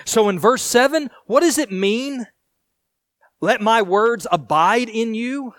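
Speaking at a slow pace in a very high voice, a pastor reads scripture and unpacks it earnestly. His voice swings between loud and hushed, and the studio-quality recording is dry.

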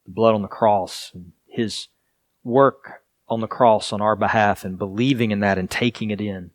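A male pastor delivering a sermon in an earnest, deliberate way, leaning on repetition and pauses for emphasis. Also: fairly low pitch, dry recording.

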